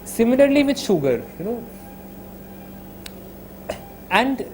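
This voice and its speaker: A man with an Indian accent, a psychologist giving an advice talk to students. He talks conversationally, fills gaps with "you know", mixes in Hindi phrases, and slows down to show calm breathing. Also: very high voice, a little hiss or hum, low-quality recording.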